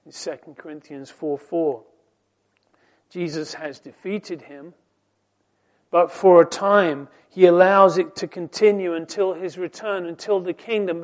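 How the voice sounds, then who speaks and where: A man with a high voice preaches a sermon at an unhurried pace. He quotes scripture deliberately and draws out key words. His voice drops to near murmurs, then climbs loud and emphatic on the big questions. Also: fairly even intonation. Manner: swings from soft murmurs to loud emphatic rising lines.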